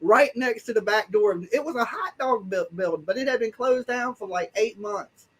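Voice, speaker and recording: A man's voice: sits high, normal speed, slightly rough. A man hosting a live call-in show, telling stories in blunt slang with casual swearing.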